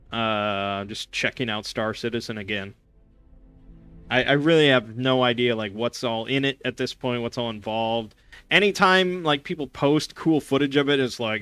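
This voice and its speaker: A man's voice: medium pitch, fairly bright tone, clean tone, no echo. A young man hosting a casual gaming stream, rambling sarcastically with lots of fillers and restarts.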